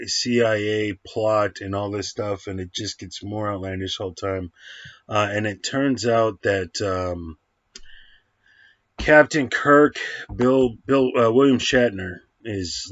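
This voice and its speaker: A man with a fairly low voice gives a loose, scattered film review, stumbling through fillers and restarts. The sound is dry and a bit muffled. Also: takes it slowly, a bit bright, no room sound. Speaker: movie reviewer. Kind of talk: casual rambling film review.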